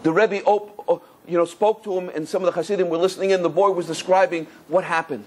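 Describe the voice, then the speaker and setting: A middle-aged rabbi lecturing on Torah, telling stories with lively emphasis and repeated phrases. His voice sits high for a man and has a husky grain. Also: fast talker. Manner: animated, repetitive storytelling.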